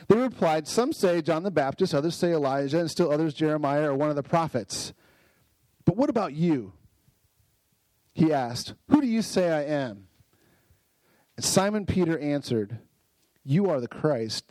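A man preaching a casual Bible lesson, enthusiastic and chatty, often checking in with his listeners with a quick "right?". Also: on the high side, dark tone, no echo, rough recording. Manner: enthusiastic, frequent "right?" tag questions.

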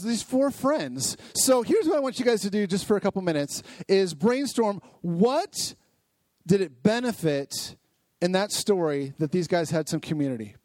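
A man teaching a youth Bible lesson, energetic and asking the group lots of questions. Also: high voice, no room sound. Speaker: youth pastor.

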